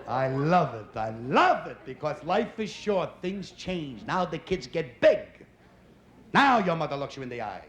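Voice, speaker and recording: A middle-aged man doing a stand-up routine, loud and exasperated as he tells stories. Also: on the high side, sing-song, measured pace, a little hiss or hum. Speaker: stand-up comedian. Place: live comedy stage. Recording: echoey club with loud audience.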